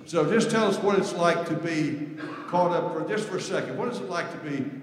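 A man's voice: a little high, expressive, fairly quick. A man preaching as pastor in a conversational, folksy way. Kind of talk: sermon. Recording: echoey hall with long reverb.

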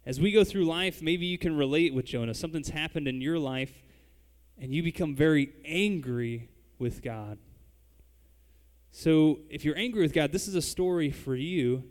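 A man delivers a sermon in a relaxed, conversational way, talking straight to his listeners. His voice sits a little high for a man. A long reverb trails behind him in the church hall. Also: moderate pace. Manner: conversational, addresses the congregation directly. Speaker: pastor.

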